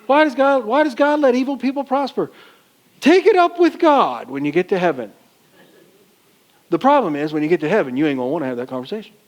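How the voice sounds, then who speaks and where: Folksy preacher man, slightly high voice. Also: animated, fairly quick. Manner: folksy, colloquial preaching with rhetorical questions. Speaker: pastor. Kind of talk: sermon.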